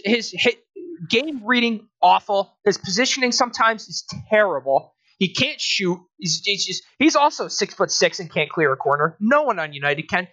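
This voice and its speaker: A man's voice: sits high, sharp tone, no room sound. A young man co-hosting a casual sports podcast, ranting in exasperation, laughing and restarting his sentences. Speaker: podcast co-host.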